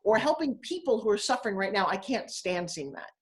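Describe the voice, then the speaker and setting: A woman's voice: mid-range voice, big pitch swings, a little fast. A woman of sixty, a guest on a live video interview, talking bluntly and emphatically. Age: 60s.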